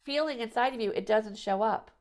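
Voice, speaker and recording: A woman's voice: a little high, a little fast. A woman hosting a podcast, chatting casually and telling rambling stories with frequent restarts and "you know"s. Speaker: podcast host. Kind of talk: casual conversational chat.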